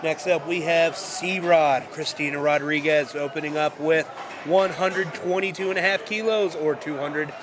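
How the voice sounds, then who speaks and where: A man with a congested, slightly high voice gives live play-by-play from a powerlifting meet. He talks in a relaxed way, corrects himself as he goes and adds dry asides. Steady venue noise sits behind him. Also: unhurried. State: congested from a cold. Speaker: meet commentator. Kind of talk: live sports commentary.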